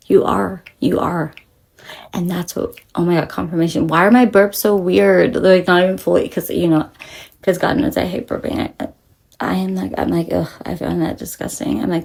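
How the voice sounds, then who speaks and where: Gravelly, husky woman giving a rambling pep talk. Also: mid-range voice. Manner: rambling, profane, emphatic, dropping to soft whispers. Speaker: spiritual reader. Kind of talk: casual spiritual pep talk.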